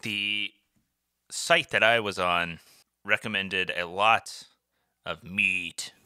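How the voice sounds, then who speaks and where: A man co-hosting a casual podcast, reading wine and cheese pairing notes in a laid-back way with many pauses and fillers. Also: low-pitched, fairly even intonation, bright, forceful tone, a little hiss or hum. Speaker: podcast co-host. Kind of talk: casual chat.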